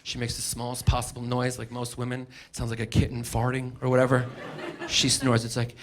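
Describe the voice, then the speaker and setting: A middle-aged man from the United States doing a live stand-up set, ranting brashly and profanely with loud mocking impressions, on a comedy stage with a handheld mic. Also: medium pitch, monotone, a little fast. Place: comedy stage before a laughing audience. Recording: noisy live club recording.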